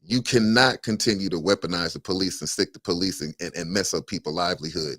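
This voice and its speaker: A man's voice: low voice, animated, quick pace, hardly any pauses, sharp tone, dry recording, studio quality. A man co-hosting a casual community podcast, speaking emphatically and indignantly. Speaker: podcast co-host.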